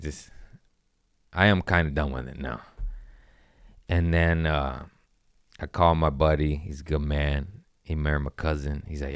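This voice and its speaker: Deep-voiced, animated young Californian man. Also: unhurried, clear, resonant tone, no room sound, clean studio sound. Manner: animated, acts out quotes with sudden pitch jumps, swears freely. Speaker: comedian telling a story. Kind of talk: casual storytelling on a podcast.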